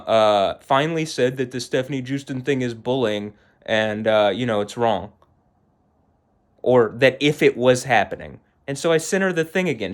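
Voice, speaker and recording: A man vlogging an agitated, heated rant, shaking with anger and repeating himself. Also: medium pitch. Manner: agitated, heated, repetitive, swearing. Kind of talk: angry personal rant to camera.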